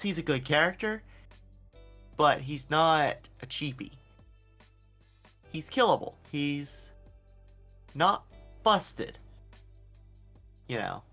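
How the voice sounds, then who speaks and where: Slow-talking hesitant male co-streamer. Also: on the high side, animated, pushed and bright, soft background music. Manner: hesitant, explains things with many fillers. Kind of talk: casual stream chat.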